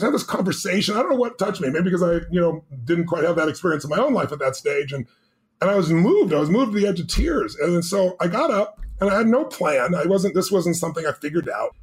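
A middle-aged man, a podcast guest, telling a personal story with intensity, moving between loud and hushed moments. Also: on the high side.

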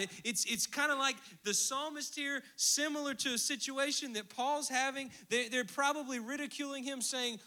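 A man preaching a sermon, swinging from hushed asides to emphatic, rhythmic declarations. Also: very high voice, moderate pace, few pauses. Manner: animated preaching, dropping to near-whispers and rising to emphatic bursts. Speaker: pastor.

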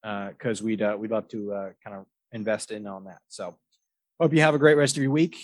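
A man hosting a podcast speaks fairly quickly in a lowish voice, captured on a dry recording. In easygoing chat he tells meandering stories loaded with fillers and restarts, laughing often throughout.

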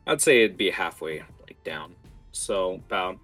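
A man running a tabletop game as game master, talking in a lively, rambling way with fillers. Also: sits low, unhurried, soft background music.

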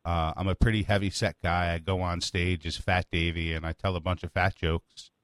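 A man hosting his own comedy talk show, chatting in a relaxed, rambling, self-deprecating way. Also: deep voice, normal speed, no room sound. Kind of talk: casual chat.

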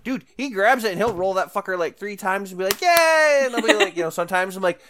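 A man's voice: sits high, fast talker, a bit bright, a little hiss or hum. A man co-hosting a podcast in casual chat, rambling and swearing, acting out quotes in silly voices. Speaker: podcast co-host.

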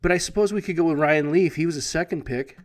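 A man's voice: fairly high pitch, fast. A man co-hosting a podcast, laid-back, talking sports in casual banter. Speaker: podcast co-host.

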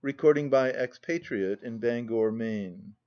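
A man narrating a classic novel in a measured, formal audiobook reading. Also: medium pitch, a little mellow, dull audio. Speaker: audiobook reader.

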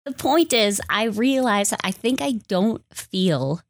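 A woman's voice: medium pitch, lively intonation, slow, dry recording. A young woman from Wisconsin, co-hosting a casual podcast chat in a chatty, self-deprecating, joking way. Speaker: podcast co-host.

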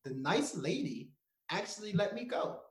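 Recorded in an echoey room, a young man co-hosting a podcast tells a lively story at a moderate pace in a high-pitched voice. He acts out the quotes and breaks into frequent laughter during the casual talk.

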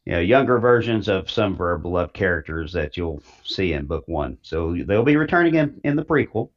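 A man from East Tennessee with a Southern accent, talking casually as an interview guest. His voice sits very low, and he rambles in a folksy way with plenty of fillers. The sound is a little dull and muffled. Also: sing-song, fairly quick. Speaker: author guest.

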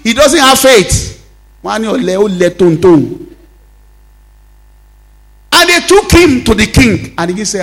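A man with a Nigerian accent preaching a sermon in a high voice. He acts out the Bible dialogue as he tells it and calls out to the congregation for responses. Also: big pitch swings, moderate pace, long pauses, fairly bright tone. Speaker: pastor.

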